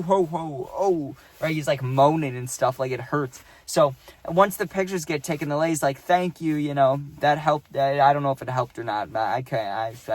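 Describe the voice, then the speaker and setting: Brief: young male vlogger with a slightly high voice, casual, swears freely, dry close sound. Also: no echo. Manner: rambling, profane, says "dude" and "right?". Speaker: vlogger telling a story. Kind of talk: casual storytime.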